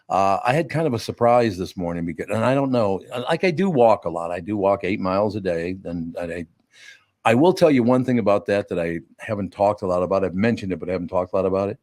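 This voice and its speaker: A man's voice: low voice, fast. Blunt older man hosting a podcast. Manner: blunt, salty, animated storyteller. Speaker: podcast host. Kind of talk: casual studio chat.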